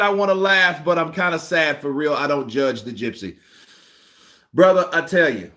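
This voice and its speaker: A man with a voice on the high side, speaking at normal speed, hosts a boxing commentary livestream. He rants excitedly and repeats himself as he thinks out loud.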